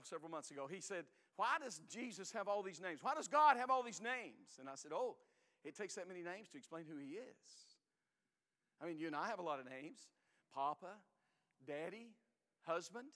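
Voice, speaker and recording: An older man preaching a sermon in a folksy, emphatic way, swinging between loud and hushed. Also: high voice, long reverb tail.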